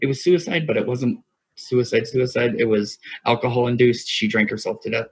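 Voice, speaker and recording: A thirtysomething man co-hosting a podcast rambles through a long story, laughing often and swearing freely. His mid-range voice runs a little fast and has a breathy edge, and the recording is lo-fi from a single USB mic.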